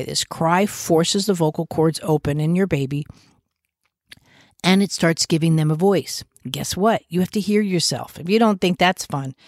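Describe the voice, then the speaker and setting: Chatty podcast host, child therapist, mid pitch, conversational, dry close sound. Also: dry recording. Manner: conversational, often restarts and uses fillers; gives warm, reassuring asides. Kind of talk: casual explanatory podcast talk.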